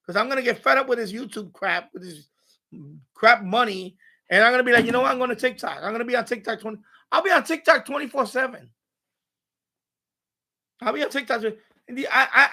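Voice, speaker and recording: A man's voice: very high-pitched, sharp tone. A man hosting a home live stream from his radio room, rambling and ranting with profanity and mocking asides.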